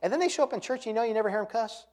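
A man preaching a sermon, swinging between quiet, earnest passages and loud, impassioned ones. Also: extremely high pitch, lively intonation, rapid-fire. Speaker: pastor.

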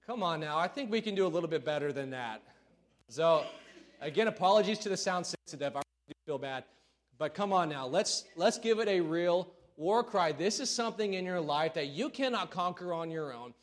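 A man preaching a sermon in a church, folksy and self-deprecating, then building to loud calls to the congregation. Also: on the high side, animated, a little fast. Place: church sanctuary.

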